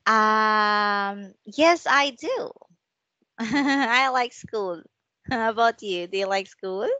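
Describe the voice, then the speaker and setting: A woman teaching a one-on-one online English lesson, speaking slowly and encouragingly and modelling words for the student to repeat over a video call. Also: mid-range voice, pushed and bright, no echo, highs cut off.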